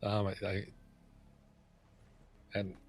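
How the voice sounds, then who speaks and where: A man chatting in character in a roleplay game, halting and hesitant with many fillers. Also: fairly low pitch, monotone, gravelly. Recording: faint music behind.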